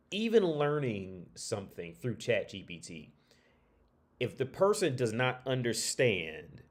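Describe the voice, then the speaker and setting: A man streaming a casual rant, blunt and profane, rambling with frequent restarts. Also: lowish voice.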